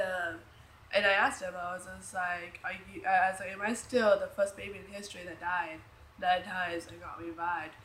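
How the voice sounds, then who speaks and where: A woman's voice: on the low side, fairly bright tone. Woman in her 30s rambling through an emotional story, lots of ums, roomy echo and a bit of hiss. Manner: rambling, emotional, many fillers and restarts. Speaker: vlogger. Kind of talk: casual storytelling. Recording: echoey room with faint noise.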